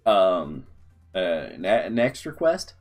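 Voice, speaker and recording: A man's voice: low voice, sing-song, drawn-out words, faint music behind, heavily acted. A man voicing a thirsty, confused stranger in the desert who stammers and asks anxious questions. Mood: hesitant. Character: parched, dazed male desert wanderer, frightened and confused.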